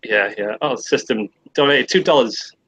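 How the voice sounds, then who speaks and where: Husky young British man, sweary. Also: mid-range voice, moderate pace, fairly bright tone, no echo, lo-fi sound. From Britain. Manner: sweary, rambling, laughs at himself. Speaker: stream host. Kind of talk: casual chat. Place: sister's bedroom.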